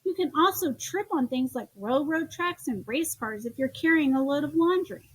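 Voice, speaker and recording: A woman reading children's picture books aloud in an expressive storytelling manner. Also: high-pitched, normal speed. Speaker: storybook reader.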